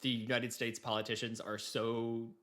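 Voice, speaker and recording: A man's voice: mid-range voice, little pitch movement, moderate pace, fairly bright tone. A man co-hosting a podcast in casual chat, rambling with fillers and laughing. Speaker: podcast co-host.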